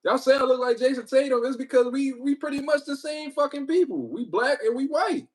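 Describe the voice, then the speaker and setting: A man hosting a livestream, talking casually with heavy profanity and animated storytelling. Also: extremely high pitch, fairly quick. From Puerto Rico. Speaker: livestream host.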